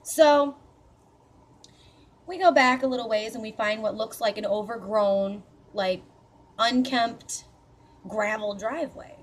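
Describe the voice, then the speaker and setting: A woman's voice: a little high, takes it slowly, pauses often. A woman casually recounting a spooky personal experience, chatty and profane, with a matter-of-fact, mildly skeptical tone. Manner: chatty and profane, with many fillers and asides. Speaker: storyteller recounting a paranormal experience. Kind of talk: casual spoken storytelling.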